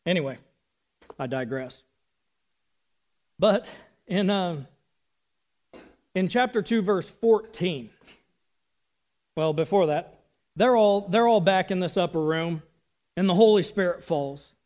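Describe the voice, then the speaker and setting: A man with a notably high voice delivers a sermon in a relaxed, chatty way. He wanders into side remarks. He sounds like he is in his thirties. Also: slow, long pauses. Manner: casual, chatty preaching with asides and laughs. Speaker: preacher.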